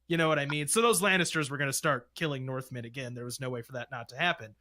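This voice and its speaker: A man co-hosting a casual review chat, reasoning out loud in a rambling way. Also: medium pitch, fast. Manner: rambling, lots of "like" fillers. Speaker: podcast co-host.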